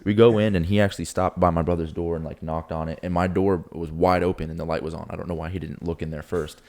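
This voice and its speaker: A man's voice: low voice, steady tone, fast talker, darkish tone. A young man from Florida, a podcast host, telling a rambling story in casual chat, swearing freely and often restarting. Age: young adult.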